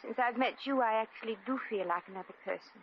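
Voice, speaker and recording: An actress playing a brash, slangy American shop girl in a 1950s radio drama, quick with wisecracks. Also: a little high, slight background noise, lightly acted. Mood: wry. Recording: dull old radio recording.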